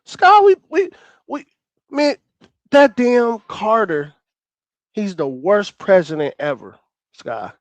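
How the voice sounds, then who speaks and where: A man's voice: sits high, lively intonation, slow, pauses often, dry recording. A man arguing hotly on a call-in panel, fired up and profane, talking over the others on a remote call. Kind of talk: heated call-in panel debate.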